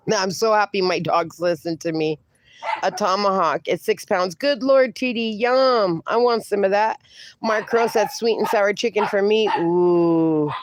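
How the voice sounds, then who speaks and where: A woman's voice: mid-range voice, a little slow. A woman hosting a casual livestream, reading viewer comments aloud and cooing at her dogs, a little sniffly from allergies. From USA. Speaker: livestream host.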